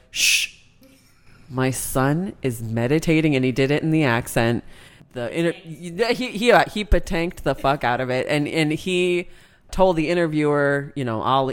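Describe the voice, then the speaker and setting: A man telling a story in casual chat as a podcast co-host, animated and laughing often. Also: on the high side, clear, resonant tone.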